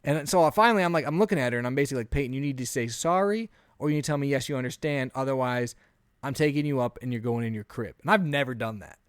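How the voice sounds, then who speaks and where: A man in his thirties, a podcast co-host telling an animated story in a casual chat, often acting out what he said. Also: mid-range voice, very fast, clean tone, no echo, clean studio sound.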